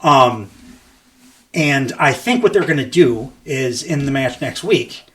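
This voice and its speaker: Dude rambling on a podcast, lots of um and like, laughs a bunch, swears. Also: male voice, mid-range voice, animated, slow, fairly bright tone. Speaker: podcast host. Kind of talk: casual wrestling podcast chat.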